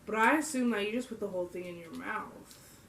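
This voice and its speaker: A woman's voice: mid-range voice, brisk, vocal fry, a bit bright, distant mic, slight background noise. A young adult woman vlogging, telling a story to camera in a casual, slangy way and laughing often. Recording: roomy echo.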